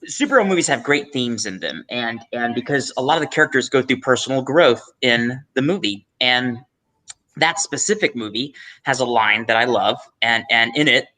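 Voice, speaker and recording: A man's voice: medium pitch, normal speed, pushed and bright. A man co-hosting a casual chat, talking reflectively with rambling asides and self-corrections. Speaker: co-host.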